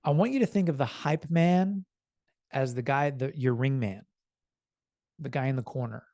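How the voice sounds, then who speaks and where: A self-improvement vlogger with a mid-range voice addresses the camera at a moderate pace in a dry recording. His casual, motivational storytelling is earnest and animated, and he acts out the voices of the people he describes.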